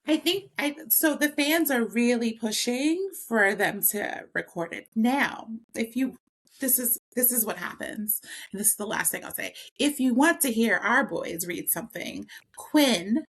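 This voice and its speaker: A woman's voice: a little high, expressive, a little slow, husky. A woman guest on a podcast, explaining things eagerly in casual chat and laughing often. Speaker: podcast guest, consent educator.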